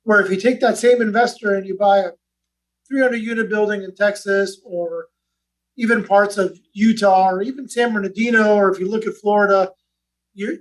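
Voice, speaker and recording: A man talking as a podcast guest, explaining in casual chat with quick restarts. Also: sits high, fairly even intonation, recorded from a distance, poor audio. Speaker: real estate investor guest.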